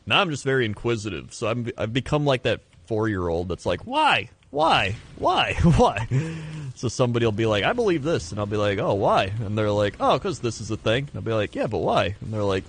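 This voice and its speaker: A male streamer with a low, gravelly voice chats while playing, his pitch bouncing around a lot as he mimics people. His talk is loose and animated. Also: quick pace, few pauses. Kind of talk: casual chat while gaming.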